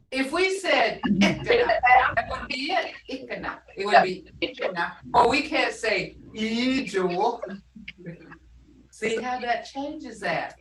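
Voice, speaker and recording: This older woman's voice is a little high and fairly bright, with slight background noise. Teaching a language over video call, she patiently lengthens words to model how they're said, and the recording sounds roomy and far from the microphone.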